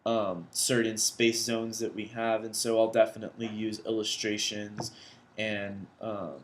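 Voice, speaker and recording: A man's voice: on the low side, flat delivery, measured pace. A young man, an education student, explaining vocabulary words for a class assignment in a loose, conversational way, thinking aloud as he goes, recorded indoors at his computer.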